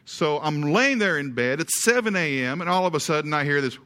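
Bright-voiced preacher telling stories. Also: male voice, a little high, fairly quick. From eastern Kentucky. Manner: folksy storyteller, animated, with repeated words and restarts. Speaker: pastor. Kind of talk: sermon with a humorous story.

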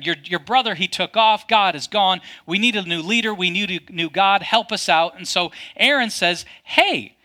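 A man preaching with a bright, forceful voice that sits a little high. He moves from lively, punchy stretches to slow, quiet passages that drop almost to a murmur. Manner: dynamic preaching, swinging from loud to hushed. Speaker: pastor. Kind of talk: sermon.

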